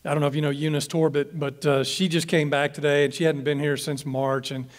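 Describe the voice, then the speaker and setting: A man's voice: fairly high pitch, flat delivery, brisk, long reverb tail. A man, a pastor giving an informal, rambling talk to church leaders and often restarting his phrases.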